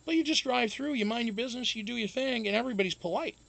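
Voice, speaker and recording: Raspy-toned man, high and gravelly. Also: very fast, a bit bright. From United States. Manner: profane, rambling, laughs often. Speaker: show host. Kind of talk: casual live-stream chat.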